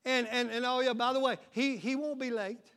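A middle-aged male pastor preaching a sermon, swinging from hushed asides to shouted call-and-response. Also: extremely high pitch, steady tone, a little fast, clean tone. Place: church sanctuary.

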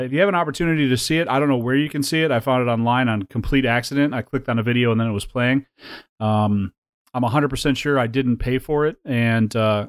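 A man hosting a podcast in a casual chat, rambling with lots of fillers and quick laughs. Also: medium pitch, no room sound, clean studio sound. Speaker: podcast host.

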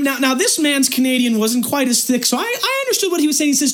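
A woman hosting a podcast, telling a comic story in a rambling way full of restarts and fillers, and shouting in the action scenes. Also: high-pitched, animated, a little fast, hardly any pauses. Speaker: podcast host. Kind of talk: comedic storytelling.

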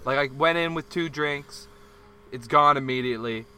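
A young man in casual chat, swearing freely as he tells a rowdy story and loudly acts out the arguments in it. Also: mid-range voice, normal speed, clear, resonant tone. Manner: acts out quarrels in a loud shouting voice.

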